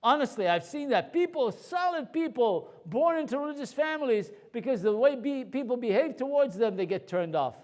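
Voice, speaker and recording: A man, a rabbi, giving a storytelling Torah lecture to a live audience in a conversational, animated way. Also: very high-pitched, moderate pace, few pauses.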